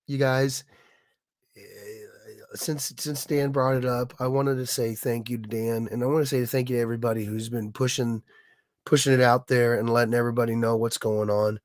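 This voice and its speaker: A man with a hoarse, raspy voice from being sick, chatting casually on his livestream and stumbling over restarts. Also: mid-range voice, little pitch movement, no echo, clean studio sound. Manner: halting, many restarts and fillers. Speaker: livestream host, illustrator.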